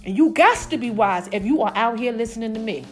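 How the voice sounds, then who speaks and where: A woman's voice: fairly high pitch, fast. A woman hosting her own podcast in a casual, playful chat, talking straight to her listeners. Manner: lively, playful, calls listeners "baby" and "y'all". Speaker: podcast host.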